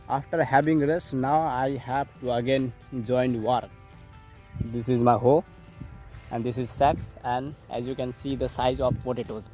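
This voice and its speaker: A young man vlogging outdoors from his farm fields, narrating in simple, plain learner's English and now and then short of breath. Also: mid-range voice. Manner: simple learner's English, repeats "as you can see". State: out of breath at times. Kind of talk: casual vlog narration while farming.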